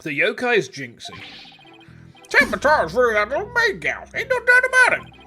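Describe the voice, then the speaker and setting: Streamer doing a high, twangy, jumpy thief witness; folksy and braggy, lots of swoops. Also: huge pitch swings, brisk, pushed and bright, soft background music, exaggerated voice. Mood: boastful. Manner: high, yelping, folksy drawl. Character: nervous twangy old thief witness, boastful.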